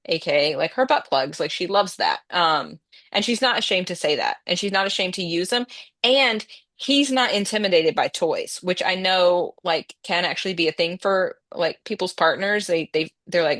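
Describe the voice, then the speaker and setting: A woman co-hosting a casual chat, talking about her own novels in a quick, joking way. Her voice sits a bit low for a woman, and it is recorded dry and close with no room sound. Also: a bit bright, no echo. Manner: quick, chatty, filler-heavy with joking asides. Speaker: podcast co-host and romance author.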